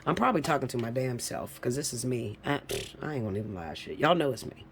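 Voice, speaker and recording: A woman reading tarot cards to her viewers in a casual, blunt way. She swears freely and teases her audience, dropping to low mutters and then rising to loud, high-pitched bursts. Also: fast talker, a little hiss or hum. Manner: blunt, profane and teasing, breaks into laughs; lively, swinging from low mutters to high shouts. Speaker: tarot reader.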